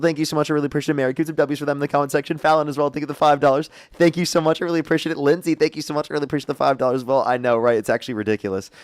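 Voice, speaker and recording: A young man with a slightly high, clean-toned voice runs a live political debate stream, battling guests with profanity and firing off donor shout-outs in between the heated arguments.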